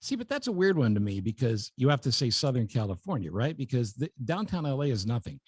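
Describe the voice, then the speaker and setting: Lively, wry male podcast host. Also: mid-range voice, quick pace, slightly rough, no room sound, clean studio sound. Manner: wry, joking, lively delivery. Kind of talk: casual chat.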